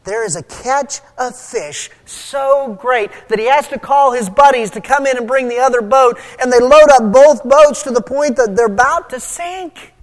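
A man preaching a sermon, retelling a story with lively, acted-out voices for the people in it. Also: very high-pitched, moderate pace, few pauses. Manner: animated storytelling, acting out quoted voices. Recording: long hall reverb.

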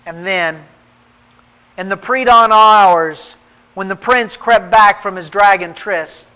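Guy reading a story out loud, really high bright voice, slow and dramatic. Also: smooth, poor audio. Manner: measured, dramatic, with pauses. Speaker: narrator.

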